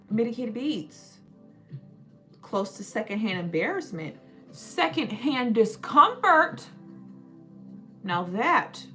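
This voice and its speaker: A woman hosting a casual live stream, playful and joking, drawing out words as she sounds them out. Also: on the high side. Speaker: livestream host.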